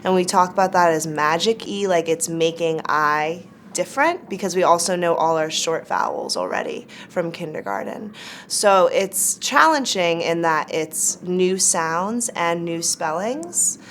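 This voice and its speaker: Teacher woman talking through her lesson, lowish voice, faint hiss behind. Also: big pitch swings, measured pace, a bit bright. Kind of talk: interview commentary on a lesson.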